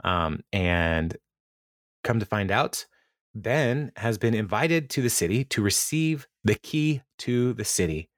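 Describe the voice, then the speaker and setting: A man's voice: fairly low pitch, expressive, slow pace, dry recording, clean studio sound. A man hosting a podcast, casually recapping episodes, rambling and often laughing as he quotes characters. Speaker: podcast host.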